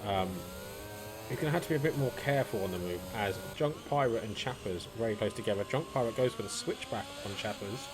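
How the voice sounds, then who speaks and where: A man calling a sim race as co-commentator in brisk play-by-play. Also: lowish voice, noisy background.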